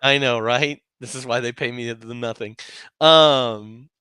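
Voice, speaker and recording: A man in a casual movie-talk podcast, with a bright, forceful tone and a dry, close sound. He jokes around and laughs a lot as he goes. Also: mid-range voice, measured pace, clean tone, no room sound. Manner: laughs often, loose and joking. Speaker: podcast co-host.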